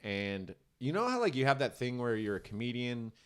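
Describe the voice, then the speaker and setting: A man with a clear, resonant, mid-range voice speaks at normal speed while co-hosting a comedy podcast. He tells a stand-up story in casual chat, swearing freely and animatedly acting out crowd voices.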